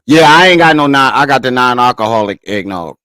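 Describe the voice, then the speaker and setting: A man's voice: medium pitch, lively intonation, a little fast, pushed and bright, smooth, dry recording. A man hosting a casual livestream from his living room, chatting with viewers, cursing freely and laughing at himself. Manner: profane, laid-back, laughs at himself while reading comments. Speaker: livestream host.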